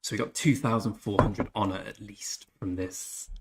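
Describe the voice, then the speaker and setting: A man's voice: lowish voice, fairly even intonation, normal speed, heavy background noise. A man casually commenting while playing a strategy game on a live stream, chatting with viewers and muttering to himself as he goes. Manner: chatty, reads chat aloud, mutters to himself. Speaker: gaming streamer.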